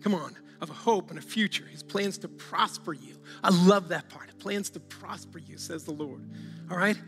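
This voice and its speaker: A male pastor with a high, bright, ringing voice preaches to his church, urging and calling out to the congregation and breaking into laughs. His voice carries a long reverb from a large hall, with faint music underneath. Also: moderate pace. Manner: exhorting, calls out to the congregation, laughs often. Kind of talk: sermon.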